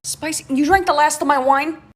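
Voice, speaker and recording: A woman's voice: high-pitched, brisk. A woman performing a short comedy skit in a dry, teasing way. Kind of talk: comedy skit, playing several characters.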